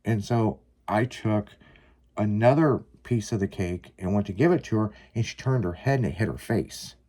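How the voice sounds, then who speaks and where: A man's voice: lowish voice, lively intonation, moderate pace, dark tone. A man casually telling a long personal story, rambling with lots of fillers and some swearing. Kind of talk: casual chat, personal anecdote.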